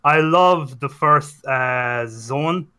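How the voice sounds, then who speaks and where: A man's voice: a little high, very slow, sharp tone, smooth. A young man in casual podcast chat, rambling and correcting himself, enthusiastic about games. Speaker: podcast co-host.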